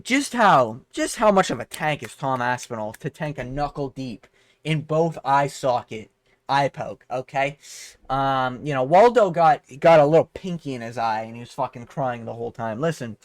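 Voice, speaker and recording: A man's voice: mid-range voice, no room sound. Profane, rambling man breaking down fights. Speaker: MMA commentator vlogger.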